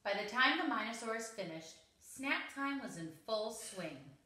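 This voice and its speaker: A woman reads a children's picture book aloud, slow and expressive, following its rhyme. Her voice is bright and crisp. The sound is roomy and picked up from some distance. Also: on the high side, slight background noise. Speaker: story reader. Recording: roomy echo, mic at a distance.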